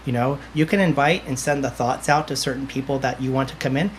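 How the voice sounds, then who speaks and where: Male medium telling lively stories. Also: medium pitch, fast talker, a little hiss or hum. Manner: lively storyteller, acts out dialogue. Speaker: medium, podcast guest. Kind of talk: casual interview chat.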